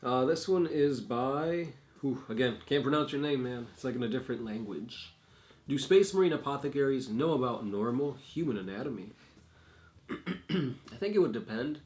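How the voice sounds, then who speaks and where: A man's voice: medium pitch, animated, normal speed, a little mellow, reverberant. A young man co-hosting a casual chat, rambling loosely with fillers and jokes. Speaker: co-host.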